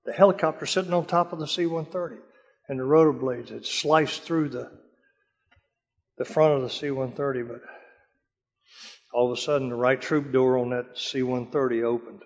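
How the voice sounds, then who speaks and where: An older man giving a dramatic sermon-style testimony, telling stories from his past with a hushed voice during the prayers. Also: medium pitch, fairly even intonation, normal speed, long pauses. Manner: dramatic storytelling, drops to a hush for prayers. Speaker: speaker telling war stories. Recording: long hall reverb.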